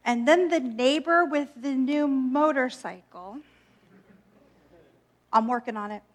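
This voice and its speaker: A woman minister preaching a gentle, reflective sermon with playful self-mocking asides. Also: sits high, slow.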